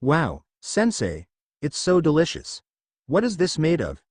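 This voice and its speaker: A man's voice: a little high, huge pitch swings, measured pace, slightly rough, no echo, clean studio sound, pitched above the performer's own voice, heavily acted. A man voicing a stubborn, earnest young male hero. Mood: grateful.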